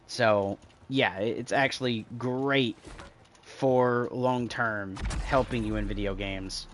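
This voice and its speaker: Chatting with viewers during a shooter game stream, a man rambles through casual gameplay commentary, mimicking game noises to explain things. He speaks in a fairly low voice, with a little noise in the background.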